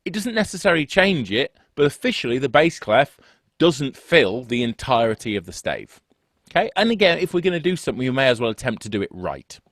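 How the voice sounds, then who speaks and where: A man gives an online music theory lesson over a video call from a home setup with two screens, talking into a desk microphone. He's chatty and pokes fun at himself, drifting into tangents. His mid-range voice is sing-song and fairly bright, his pace brisk, and the sound is studio-clean with no echo.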